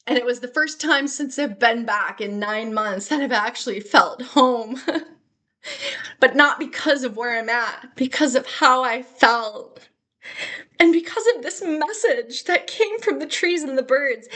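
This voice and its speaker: A young adult woman talking in an excitable, rambling way in a personal vlog, laughing and tearing up at times. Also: high-pitched. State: tearful at times. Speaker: spiritual vlogger.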